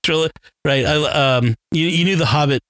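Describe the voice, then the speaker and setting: A man's voice: fairly high pitch, a little fast, fairly bright tone, no echo. A middle-aged man co-hosting a casual podcast chat, wry and laughing often with nerdy enthusiasm. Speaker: podcast co-host.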